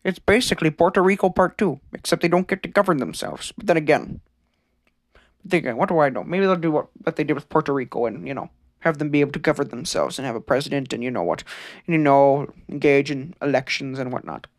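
A man's voice: a little high, quick pace, no room sound. Rambling man hosting a mock-conspiracy podcast. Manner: rambling, stammering, mock-serious. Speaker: podcast host. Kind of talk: comedic conspiracy monologue.

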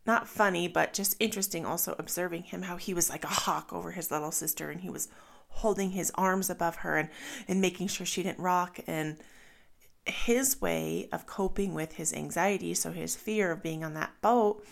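A woman's voice: fairly low pitch, steady tone, moderate pace, gravelly. A woman in her thirties, a mother, talking candidly and reflectively in a personal monologue, retelling stories.

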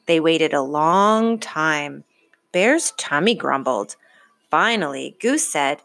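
A woman reading a children's storybook aloud in a gentle, unhurried way. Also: deep voice, lively intonation, vocal fry.

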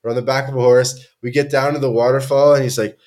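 A man's voice: mid-range voice, level tone, fast, darkish tone. A young man from Canada, a podcast guest telling travel stories in a laid-back, slangy way with many restarts. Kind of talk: casual chat.

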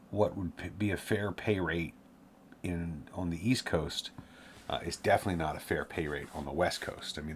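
A man's voice: deep voice, a little hiss or hum. A man giving casual career advice, rambling and correcting himself, sometimes laughing at his own tangents.

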